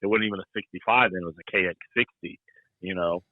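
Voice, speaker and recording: A man's voice: sits low, quick pace, no room sound, phone-quality sound. A middle-aged man telling stories in a rambling, folksy way, full of "you know" and playful ribbing. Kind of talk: casual storytelling chat.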